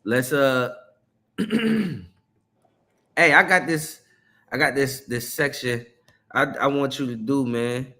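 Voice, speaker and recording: A man's voice: mid-range voice, slow pace, long pauses, sharp tone. A man hosting a casual livestream, laid-back and joking with slangy talk. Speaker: livestream host.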